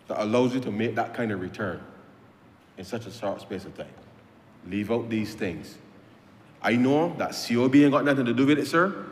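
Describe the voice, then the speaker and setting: Barbadian male legislator, mid-pitched, emphatic repeater; long reverb from the chamber. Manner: emphatic, repetitive, addresses "sir" nearly every phrase. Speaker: member of parliament. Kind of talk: parliamentary speech.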